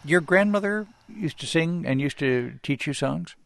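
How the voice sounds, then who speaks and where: A man's voice: on the high side, animated, vocal fry, a bit bright, no room sound, faint music behind. A man hosting a radio interview, easygoing and curious in how he asks questions. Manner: easygoing and curious, quick to laugh. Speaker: radio host.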